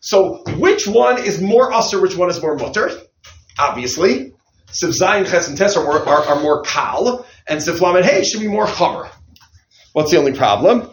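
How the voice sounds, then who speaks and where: A man teaching a study class on religious law, animated and questioning, often putting questions to his students. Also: high-pitched, moderate pace, roomy sound, slight background noise. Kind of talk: halacha study lecture.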